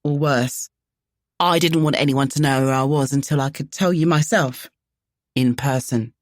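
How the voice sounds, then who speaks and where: A man's voice: medium pitch, moderate pace, no echo, studio quality, pitched below the performer's own voice, close to an everyday voice. A woman voicing an earnest, apologetic young man with a broad London accent. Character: earnest young male fugitive, apologetic and loyal.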